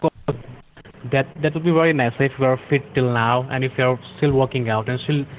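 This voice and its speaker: A man's voice: mid-range voice, steady tone, a little fast. A man answering on a phone call in a deferential manner, calling the other person sir again and again. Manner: deferential, keeps saying sir. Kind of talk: phone conversation. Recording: tinny phone line with faint noise.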